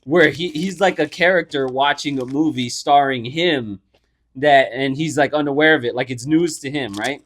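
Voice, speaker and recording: A man's voice: medium pitch, normal speed, fairly bright tone. Casual young man co-hosting a podcast. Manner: loose and profane, full of "like" fillers. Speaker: podcast co-host. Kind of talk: casual storytelling chat.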